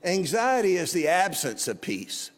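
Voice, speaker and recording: Man in his 50s preaching, high voice, long church echo, earnest and chatty. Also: big pitch swings, measured pace. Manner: earnest, conversational, asks the congregation questions. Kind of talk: sermon. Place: church sanctuary.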